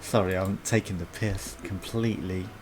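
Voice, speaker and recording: A man's voice: low-pitched, steady tone, normal speed, a little mellow, a little hiss or hum. A young man giving casual, teasing commentary while streaming a game, swearing and laughing often.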